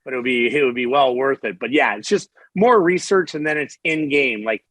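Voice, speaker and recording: A man's voice: medium pitch, a little fast, dry recording, poor audio. Candid, profane man telling stories. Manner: candid, profane, animated storyteller with frequent restarts. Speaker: podcast guest, former hockey player. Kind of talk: casual storytelling interview.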